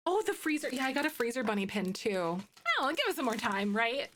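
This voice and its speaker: A woman chatting casually on a live stream, excitable and talkative, a self-described loudmouth. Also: on the high side, a little fast, few pauses.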